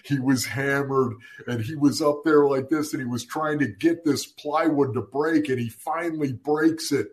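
Guy on a podcast swapping old stories, talks in quick bursts, chuckles mid-story. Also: medium pitch. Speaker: podcast co-host. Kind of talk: casual chat.

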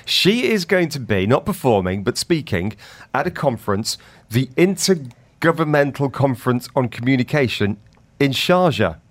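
A man hosts a breakfast radio show in a casual, chatty way, laughing easily between stories. His voice sits at an ordinary middle pitch. The studio mic sounds dry and close. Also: sing-song, moderate pace, dry recording.

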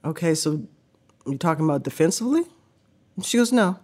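An older woman and former basketball player telling stories as a podcast guest, animated and laughing, acting out what people said. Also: deep voice, fairly quick. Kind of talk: casual storytelling interview.

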